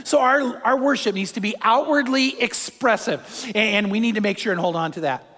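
An older man, a pastor and grandfather, preaching a sermon with animated storytelling and acted-out quotes. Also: high-pitched, moderate pace. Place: church hall with long reverb. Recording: reverberant hall.

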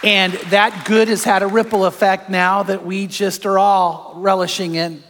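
A pastor preaching a sermon, telling personal stories that move from hushed to fervent. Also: male voice, high voice, flat delivery, moderate pace, few pauses, long reverb tail, a faint crowd.

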